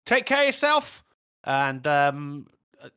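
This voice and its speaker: A man's voice: a little high, slow pace, smooth. A man hosting a podcast, joking and swearing freely in casual banter while reading out donations. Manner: animated, jokey, swears freely.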